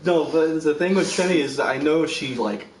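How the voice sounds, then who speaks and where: A man swaps funny family stories in a relaxed chat, laughing often and slipping into the voices of the people he quotes. His voice sits a little high. He was recorded in a reverberant room with loud noise running underneath. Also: moderate pace. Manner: laughing storyteller, acting out voices in his anecdotes. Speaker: family member telling stories.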